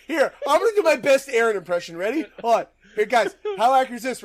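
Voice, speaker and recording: A man's voice: extremely high pitch, big pitch swings. A man hosting a podcast, trading profane, jokey insults with his co-host in casual banter. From Connecticut. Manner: profane, jokey, quick comebacks.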